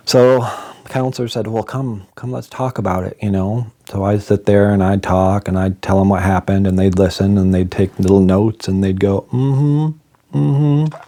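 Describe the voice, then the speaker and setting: Mellow-voiced man telling a personal story. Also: lowish voice. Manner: candid and reflective, halting with fillers. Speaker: vlogger.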